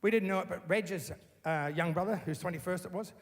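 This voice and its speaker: A man telling blunt, animated stories about his childhood, swearing freely. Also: sits high, fairly quick. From Australia. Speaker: interviewee. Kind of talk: casual storytelling.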